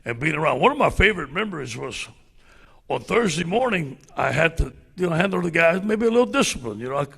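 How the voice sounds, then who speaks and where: A man in his sixties with a gravelly, husky voice, telling animated stories as a guest speaker on a handheld mic. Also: fairly high pitch, fast. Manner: animated storyteller, acts out loud exclamations. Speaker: football coach guest speaker. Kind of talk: storytelling at a club luncheon.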